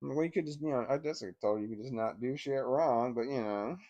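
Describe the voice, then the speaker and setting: A man's voice: medium pitch, fast talker, mellow. A man casually telling a long story about his daughter and ex-wife, rambling with frequent restarts, laughter and swearing. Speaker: divorced father telling a story.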